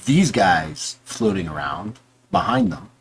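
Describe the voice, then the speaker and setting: A man narrating as game master of a tabletop game, halting and full of fillers, briefly voicing soldiers. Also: on the low side, huge pitch swings, creaky. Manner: hesitant, many restarts and fillers; puts on quick voices for soldiers.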